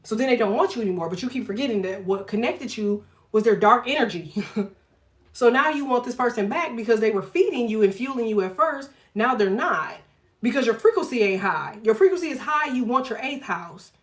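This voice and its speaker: A woman's voice: fairly high pitch, animated, a little fast. Blunt, profane woman tarot reader. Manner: profane, blunt and jokey, laughs often; talks to viewers directly, reads chat aloud. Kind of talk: casual livestream tarot and astrology chat.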